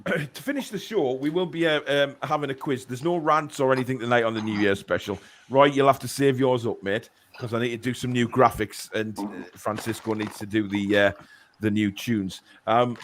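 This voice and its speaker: A man's voice: mid-range voice, normal speed, fairly bright tone, a little hiss or hum. A man hosting a casual online chat show, rambling and joking as he reads out viewer comments. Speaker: show host.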